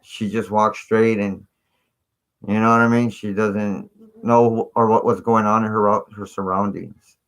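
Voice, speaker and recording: A man's voice: lowish voice, little pitch movement, measured pace. Rambling man hosting a live stream. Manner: rambling, filler-heavy, conspiratorial chat. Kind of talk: casual live stream talk.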